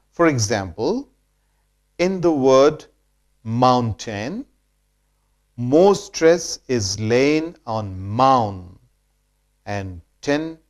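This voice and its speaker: Slow, deliberate male pronunciation teacher. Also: mid-range voice. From India. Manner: deliberate, drills words by repetition. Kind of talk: slow scripted lesson narration.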